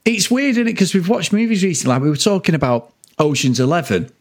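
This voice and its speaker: Fast and sing-song with a fairly high pitch, this forties-aged podcast co-host rambles through a laid-back film discussion, cursing plenty and laughing frequently.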